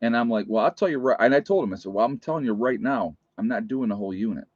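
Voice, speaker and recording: A man's voice: mid-range voice, expressive, quick pace, a little mellow, no room sound. A man who works as a nurse tells stories from his shifts in a blunt, plainspoken, emphatic way, in a casual vlog. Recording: dull, muffled recording.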